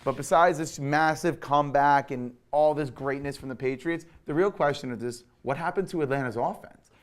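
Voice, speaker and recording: A young adult man hosting a sports show, giving an animated, opinionated recap with hot takes. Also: fairly high pitch, normal speed, hardly any pauses.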